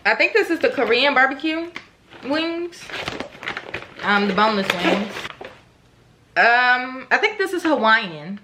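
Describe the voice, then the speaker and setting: A woman's voice: a little high, background noise. A young woman in her twenties from Maryland, chatting to camera in a gushing, casual vlog style. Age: 20s. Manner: chatty and gushing, lots of "like" and "y'all". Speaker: vlogger. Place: home, then a car.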